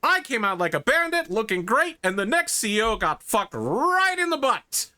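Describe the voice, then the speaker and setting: A man's voice: very high-pitched, sing-song, moderate pace, pushed and bright, clear, resonant tone, voice pushed up, full character voice. A man voicing a smug, greedy male corporate executive who boasts gleefully in a raised voice at a tabletop game. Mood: gloating.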